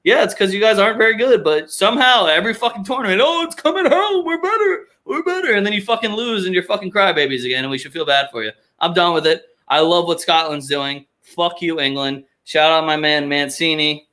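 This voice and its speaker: A man with a fairly high, bright and forceful voice hosts a casual sports podcast. He rants in a profane, sarcastic way. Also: a little fast, hardly any pauses. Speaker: podcast host.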